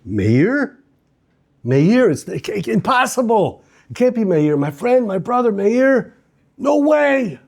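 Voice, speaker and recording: A man's voice: a little high, lively intonation, fairly quick, warm tone, pitched above the performer's own voice. A man voicing an anxious adult male traveler who pleads and protests in a told story. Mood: distressed. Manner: pleading, agitated, emphatic.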